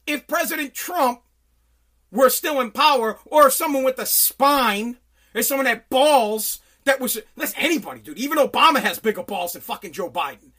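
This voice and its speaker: A man hosting a podcast from his home basement, delivering an angry, profane political rant that bursts into shouting. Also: extremely high pitch, expressive, normal speed. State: sweating. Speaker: podcast host.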